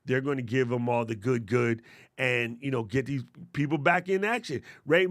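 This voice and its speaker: A man hosting a live question-and-answer stream, giving casual, energetic advice in slangy talk and calling viewers family. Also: a little high, normal speed, no room sound, studio quality. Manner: energetic, slangy, addresses chat as fam and family. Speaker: host answering creator questions.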